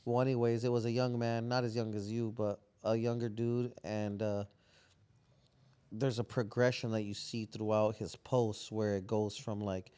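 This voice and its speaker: A man's voice: fairly low pitch, little pitch movement, moderate pace, dark tone, smooth. A man co-hosting a podcast, telling stories in a casual, rambling, slang-heavy way. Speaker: podcast co-host. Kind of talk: casual chat.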